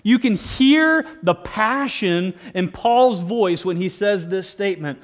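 A man preaching a sermon as pastor, animated, often restarting words and adding jokey asides to the congregation. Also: high-pitched, slow, hardly any pauses.

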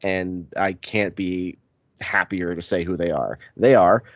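A man's voice: deep voice, steady tone, a bit bright, no room sound, muffled recording. Congested man hosting a podcast. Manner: chatty, self-deprecating, quick asides. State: congested from a cold. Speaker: podcast host. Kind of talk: casual podcast chat.

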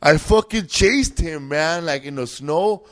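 A man's voice: a little high, expressive, measured pace. Profane laughing man telling a wild story. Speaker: comedian guest. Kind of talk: casual storytelling.

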